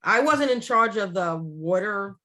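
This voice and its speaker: Casual chat co-host, a woman in her 60s, animated and full of restarts. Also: medium pitch, unhurried. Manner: animated, laughs often, many restarts. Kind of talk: casual chat, personal storytelling.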